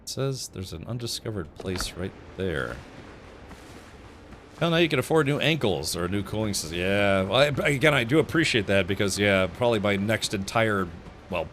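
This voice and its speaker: A man's voice: low voice, noisy background. A man streaming a video game live, chatting casually, laughing often and thanking viewers.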